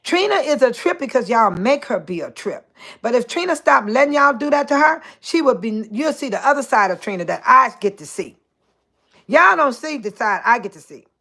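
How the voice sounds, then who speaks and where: Older woman hosting a live chat, voice a bit high, chatty and lively, laughs a lot, talks to viewers by name. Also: normal speed, gravelly. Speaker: host.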